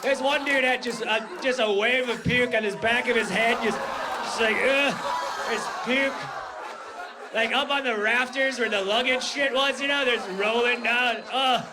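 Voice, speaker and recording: A male stand-up comedian telling a rambling story on a comedy club stage, dropping low and quiet before building up to shouting. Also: fairly even intonation, moderate pace, a crowd in the background. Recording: live club recording with audience noise.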